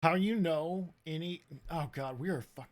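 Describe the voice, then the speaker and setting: A man's voice: on the high side, unhurried. A man in his thirties co-hosting a casual podcast, loose and joking. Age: 30s. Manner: loose and joking, says "bro" a lot. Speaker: podcast co-host.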